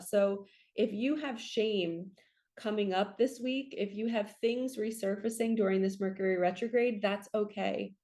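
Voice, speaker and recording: Woman spiritual coach, casual earnest monologue, animated storyteller. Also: mid-range voice. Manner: earnest, chatty, frequent "right?" check-ins; animated storytelling with acted quotes.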